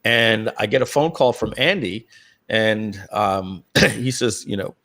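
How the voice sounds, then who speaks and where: Rambling man who keeps clearing his throat. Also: fairly low pitch, normal speed, fairly bright tone. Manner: rambling, with frequent restarts and repeated throat-clearing. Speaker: company founder. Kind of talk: personal storytelling in a live Q&A.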